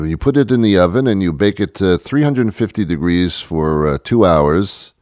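A man's voice: low voice, expressive, measured pace, darkish tone, no room sound, studio quality. A man hosting a podcast, talking in a rambling, sarcastic comedic monologue that often stops and restarts. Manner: rambling, self-interrupting, sarcastic. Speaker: podcast host.

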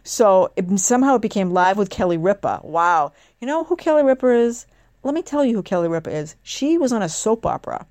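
A woman hosting a casual talk show, rambling and sarcastic with quick asides. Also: mid-range voice, sing-song, darkish tone, no room sound, clean studio sound. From northeastern United States. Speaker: host. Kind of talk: casual chat.

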